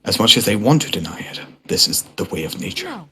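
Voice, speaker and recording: A man's voice: lowish voice, wildly swooping pitch, a little fast, pushed and bright, exaggerated voice. A man putting on a pompous nature-documentary narrator voice in voice chat, speaking with mock-solemn gravity. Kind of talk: voice chat role-play.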